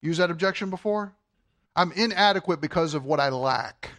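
A man's voice: on the high side, normal speed, a bit bright. A man preaching a sermon as pastor, emphatic and full of rhetorical questions.

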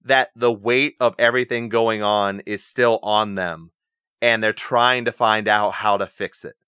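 A man's voice: lowish voice, steady tone, measured pace, bright, forceful tone, clear, resonant tone, dry recording, studio quality. A man in casual podcast chat, blunt and profane, ranting with strong opinions. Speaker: podcast co-host.

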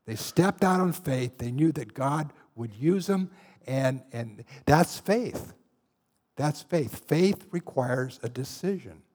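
A man's voice: mid-range voice, animated, slow pace, darkish tone, in a large hall. A man preaching a sermon, retelling Bible stories and acting out the voices of the people in them. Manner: storytelling, acts out Bible scenes with shifting voices.

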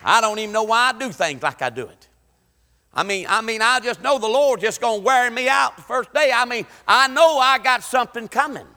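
High-voiced, fiery preacher in a hall. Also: male voice, a little fast, some chatter behind. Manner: impassioned, rising to shouts, Southern preaching cadence. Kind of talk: fiery church sermon. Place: church sanctuary. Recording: long church hall reverb.

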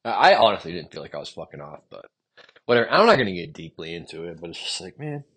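Young male podcast host, solo ramble, swears a lot, pitch jumps all over, voice of frustration. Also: big pitch swings, quick pace, a bit bright, breathy edge. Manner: frustrated, profane, rambling venting. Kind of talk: solo stream-of-consciousness podcast monologue.

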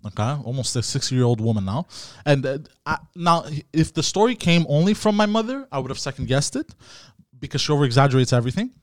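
A man's voice: fairly high pitch, quick pace, dry recording. Man, podcast host, rambling storyteller, swears a lot, dry close sound. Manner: rambling, profane, animated storyteller. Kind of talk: casual storytelling chat. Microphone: studio mic.

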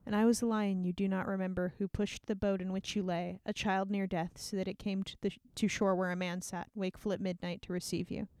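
A woman's voice: mid-range voice, little pitch movement, brisk, hardly any pauses, darkish tone, clear, resonant tone. A woman chatting casually about a book with a friend, laughing often and reading passages aloud.

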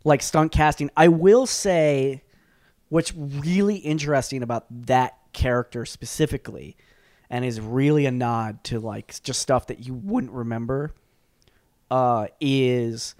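A man co-hosting a podcast in casual chat, excitable, swearing often and restarting his sentences. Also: mid-range voice, unhurried, no room sound, studio quality. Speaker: podcast co-host.

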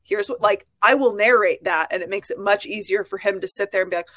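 A woman's voice: mid-range voice, quick pace, fairly bright tone. A woman therapist co-hosting a relationship podcast, talking earnestly about her own experience in casual advice chat.

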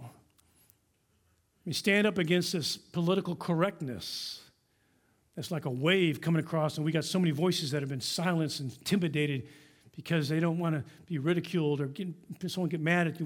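A man delivers an earnest sermon from a church pulpit, his voice sitting noticeably high for a man. He exhorts his listeners with conviction, pressing each point home as a pastor speaking to his congregation. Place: church sanctuary.

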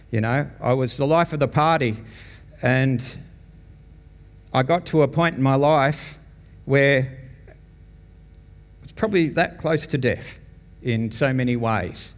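An Australian man speaks to a congregation in a church hall, telling his story in a loose, conversational way with frequent chuckles. His voice sits at an ordinary, mid-range pitch for a man, and a long hall reverb trails after every phrase. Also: unhurried. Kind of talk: personal testimony to a congregation.

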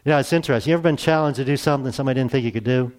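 Earnest middle-aged preacher, conversational. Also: male voice, mid-range voice, very fast. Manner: conversational, rhetorical questions to the congregation; swings between hushed asides and emphatic raised lines. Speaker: pastor. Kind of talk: sermon.

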